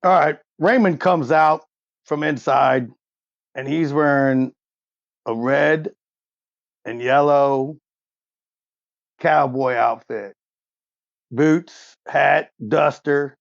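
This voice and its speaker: A man's voice: on the high side, very slow, vocal fry, pauses often, no room sound. A man in his forties narrating as game master in a laid-back, chuckling way. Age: 40s. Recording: dull, lo-fi sound.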